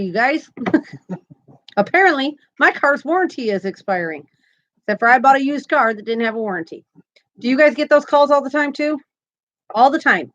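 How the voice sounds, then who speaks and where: A woman's voice: on the high side, highs cut off. A woman hosting a crochet live stream, chatting casually and upbeat, often laughing as she talks. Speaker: crochet channel host.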